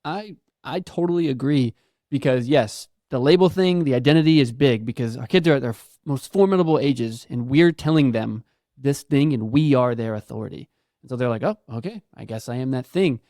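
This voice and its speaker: A man co-hosts a casual parenting chat with a Christian focus, agreeing and reflecting thoughtfully. His voice is mellow and dark, recorded dry and close. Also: mid-range voice, fairly quick, dry recording. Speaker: podcast co-host.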